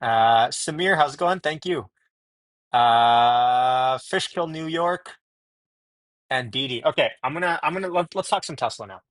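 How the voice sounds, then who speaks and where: A man's voice: mid-range voice, measured pace, fairly bright tone, no room sound. A man hosting a casual live stream from home, chatting and greeting viewers by name as they join, talking into wireless earbuds.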